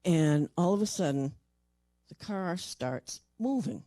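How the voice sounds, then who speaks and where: An older woman and paranormal investigator, telling a personal story in a halting way, repeating words and dropping soft at tender moments. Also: lowish voice, animated, no room sound.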